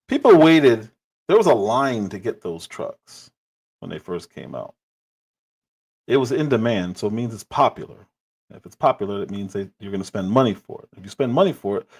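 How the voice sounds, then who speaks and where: A man's voice: mid-range voice, big pitch swings, moderate pace. A man hosting a livestream, reacting to news clips with incredulous, sarcastic commentary. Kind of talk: casual commentary.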